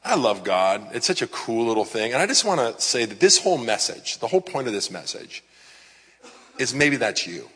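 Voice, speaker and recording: A man's voice: mid-range voice, big pitch swings, moderate pace, a bit bright, husky. A man preaching a sermon to his congregation, conversational and personal, with self-deprecating asides. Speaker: pastor. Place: church sanctuary with congregation. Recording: live sermon in a reverberant hall.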